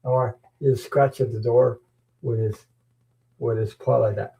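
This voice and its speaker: A man's voice: mid-range voice, fairly even intonation, measured pace, creaky, dark tone, rough recording. A middle-aged man chatting casually as host of a live stream, rambling and chuckling, often repeating words. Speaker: tarot channel host. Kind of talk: casual chat.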